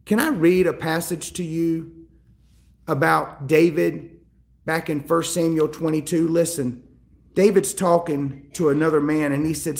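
A man preaching a sermon, reading scripture and acting out the characters' lines with animated delivery. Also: a little high, normal speed, vocal fry. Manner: animated, acts out biblical characters in quoted dialogue. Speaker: pastor.

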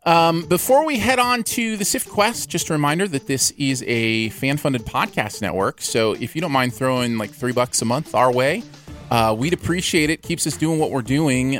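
A man hosting a podcast in casual chat, animated and jumping up in pitch when excited. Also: moderate pace, soft background music. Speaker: podcast host.

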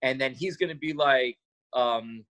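This podcast guest takes his time, speaking unhurriedly in a mid-range voice. Telling stories in a relaxed interview, he animates them by performing the quotes himself.

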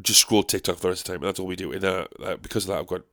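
A man's voice: sits low, steady tone, racing, a bit bright. A man hosting a solo podcast, rambling casually, swearing and making fun of himself. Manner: rambling, profane, self-mocking. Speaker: podcast host. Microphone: podcast microphone.

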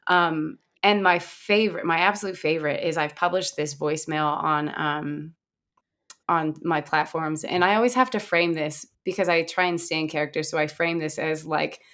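A woman's voice: low-pitched, normal speed, fairly bright tone. A woman guest in a casual interview, talking earnestly and rambling with lots of restarts and fillers. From USA. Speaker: guest, founder of a satirical website.

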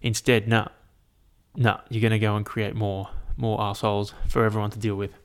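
A man's voice: fairly low pitch, little pitch movement, normal speed. A young man, chatting casually to his audience in a rambling, sweary rant. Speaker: vlogger. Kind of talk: casual chat. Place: at home, at a laptop.

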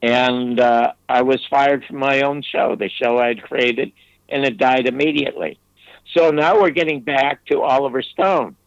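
An older American man, a former TV producer appearing as an interview guest, tells an anecdote emphatically, digressing and restarting as he goes. His medium-pitched voice holds a steady tone at a measured pace, with no echo, on dull, dry lo-fi audio.

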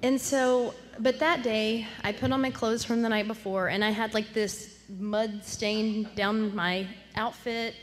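A woman's voice: a little high, fairly even intonation, a little slow, hardly any pauses, big-room sound, a little hiss or hum. A woman sharing her recovery story in a candid, self-deprecating way, laughing often and acting out what others said. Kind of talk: storytelling talk.

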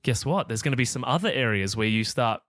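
A man's voice: medium pitch, expressive, fast, a bit bright, no room sound. A middle-aged man, talking casually on his solo podcast and acting out example conversations. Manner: casual, chatty, acts out example dialogue. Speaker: podcast host.

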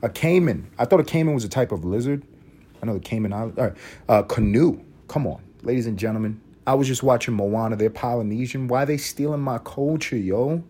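A Puerto Rican man hosting a podcast, riffing in a loose comedic monologue, profane and animated with sudden loud bursts. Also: mid-range voice, a little fast, breathy edge. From Puerto Rico. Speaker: podcast host.

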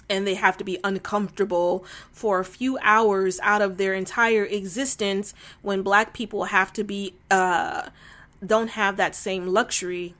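A woman's voice: medium pitch, steady tone, unhurried, a bit bright. A woman talking casually to camera in a vlog, emphatic and exasperated, with lots of fillers. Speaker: vlogger.

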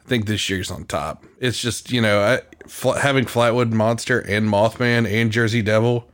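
A man's voice: fairly low pitch, steady tone, normal speed, fairly bright tone, clear, resonant tone. A man hosting a podcast in casual chat, rambling and breaking off his own sentences. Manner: rambling, self-interrupting. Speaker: podcast host.

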